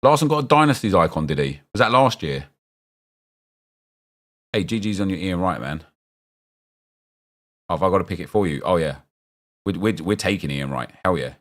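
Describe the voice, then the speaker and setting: A man's voice: low-pitched, animated, moderate pace, pauses often, a bit bright. A young man chatting casually as he streams a football game, rambling and answering his viewers' chat as he reacts to picks.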